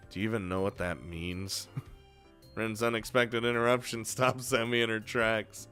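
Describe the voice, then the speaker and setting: A man's voice: fairly low pitch, steady tone, a little slow, sharp tone, clear, resonant tone, faint music behind. Jokey man reading a visual novel aloud. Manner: jokey, laughs often, asides between lines. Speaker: let's play host.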